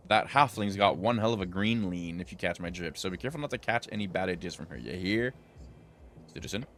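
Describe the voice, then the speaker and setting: A man's voice: sits low, a little fast, a bit bright, a little hiss or hum. A man streaming a role-playing video game, reading the dialogue aloud in varied character voices and breaking in with dry remarks of his own.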